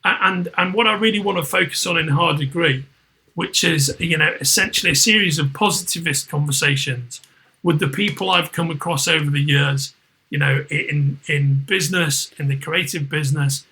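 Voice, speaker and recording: Bright-voiced Liverpool man rambling. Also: a little high, moderate pace, rough recording. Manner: rambling, restarts often, swears freely. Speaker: podcast host. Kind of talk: casual chat.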